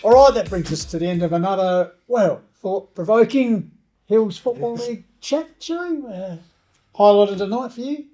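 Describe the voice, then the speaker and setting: High-voiced Australian man hosting a footy chat show. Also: expressive, normal speed, dark tone, soft background music. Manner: jovial, folksy sign-off patter.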